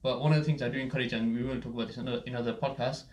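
A man's voice: mid-range voice, fairly even intonation, rapid-fire, a little mellow, slight background noise. A man hosting a casual podcast, telling a story with many asides and fillers. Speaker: podcast host. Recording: roomy echo.

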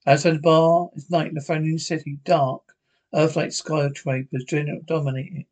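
A man's voice: on the high side, level tone, moderate pace, darkish tone. A man reading a science fiction episode script aloud, often stumbling and restarting words. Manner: stumbling, frequent restarts and slips. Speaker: podcast reader.

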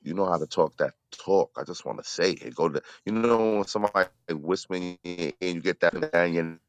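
A man's voice: low voice, fairly quick, dry recording. A man co-hosting a spoken word podcast, chatting casually with slang and jokes. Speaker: podcast co-host. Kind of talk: casual chat.

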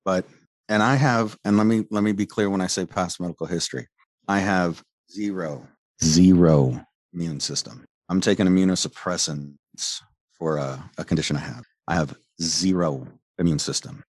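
Male, former medic, bass voice, heated profane storyteller, dry mic. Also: moderate pace, no echo. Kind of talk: angry personal account.

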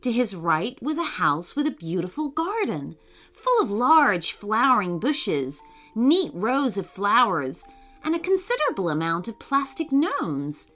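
Female storyteller, slow and animated, reading a children's book aloud. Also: fairly high pitch, soft background music. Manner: reads slowly, puts on voices for characters.

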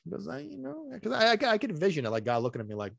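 A man hosting a podcast, telling a long story in an animated, rambling way that swings between loud bursts and muttered asides. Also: high voice, racing, gravelly, dry recording, clean studio sound. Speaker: podcast host.

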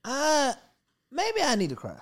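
A woman's voice: high-pitched, huge pitch swings, measured pace. A woman co-hosting a casual podcast chat. She jokes and tells stories, acting out her own thoughts as she goes. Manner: joking storyteller who acts out her own thoughts. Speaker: podcast co-host.

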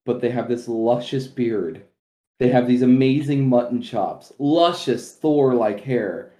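Male podcast co-host, casual and animated, swears freely, echoey room. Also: medium pitch, measured pace. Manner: animated, swears, laughs at his own points. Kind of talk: casual chat.

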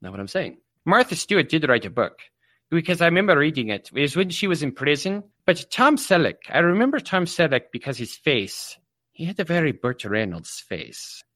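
A man hosting a livestream, rambling through absurd comic stories in a deadpan way. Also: on the high side, moderate pace, dry recording, clean studio sound. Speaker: livestream host.

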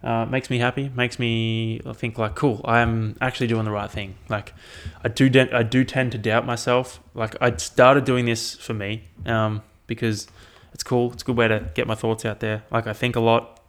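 A man's voice: medium pitch, little pitch movement, normal speed, few pauses, a bit bright. A young man hosting a solo podcast, chatting casually and rambling with frequent swearing. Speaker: podcast host.

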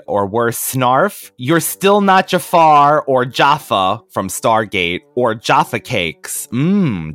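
A man's voice: mid-range voice, a bit bright, dry recording. A man co-hosting a casual podcast, reading listener mail aloud in a playful way and laughing often. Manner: playful, reads letters aloud with dramatic pauses and laughs.

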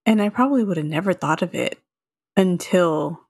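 A woman co-hosting a podcast in relaxed casual chat, agreeable and laughing often. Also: fairly low pitch, normal speed, breathy edge, no room sound, clean studio sound. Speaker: podcast co-host.

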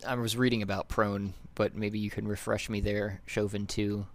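A man running a tabletop game as game master, halting as he reads rules aloud. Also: lowish voice, little pitch movement.

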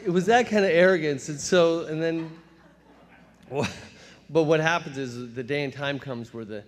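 A man in his fifties from telling his recovery story at a meeting, storytelling with self-mocking laughs and quick put-on voices for his younger self. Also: on the high side, a little hiss or hum. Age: 50s. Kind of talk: personal testimony talk. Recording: long hall reverb.

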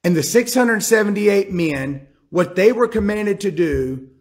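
Male preacher, higher voice, dramatic sermon delivery that voices the characters. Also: expressive, measured pace. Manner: acts out biblical characters with rising intensity.

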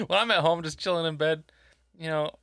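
A laid-back man talks crudely with a friend, cursing and laughing as he goes. His voice is bright and forceful, with a dry, close sound and no room around it. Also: on the high side, fairly quick, no room sound. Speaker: podcast co-host. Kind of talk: crude casual chat.

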